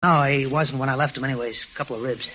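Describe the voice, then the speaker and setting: An actor playing a rough-spoken driver who talks in blunt, ungrammatical street slang, in a 1940s radio play, from a dull old recording with faint hiss. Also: male voice, medium pitch, steady tone, quick pace, natural voice.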